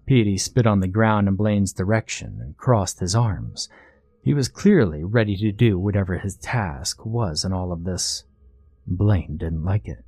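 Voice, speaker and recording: A man narrating a scary story in a steady, matter-of-fact reading. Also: low voice, measured pace. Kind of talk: scripted narration.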